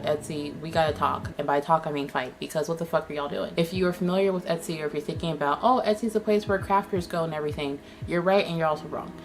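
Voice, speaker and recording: Sassy, swearing young woman host. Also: sits low. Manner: sassy, profane, animated storytelling. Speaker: YouTube host. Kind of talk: casual chat.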